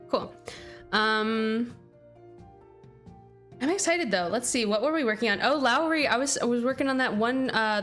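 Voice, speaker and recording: A woman's voice: medium pitch, fairly bright tone. A young woman streaming a game who chats casually and bubbly with her viewers, thanking them by name. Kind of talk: casual livestream chat.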